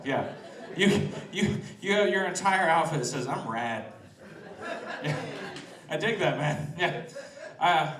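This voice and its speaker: A man's voice: mid-range voice, roomy sound, distant mic. A man doing a loose, laughing stand-up set outdoors, teasing the crowd. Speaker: stand-up comedian. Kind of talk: open-mic stand-up set. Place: outdoors in front of a restaurant.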